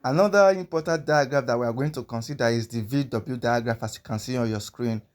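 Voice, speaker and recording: A man gives a pronunciation lesson at a middle pitch. He is patient and careful, repeating each example word several times and slowing down to model the sounds clearly. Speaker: language teacher.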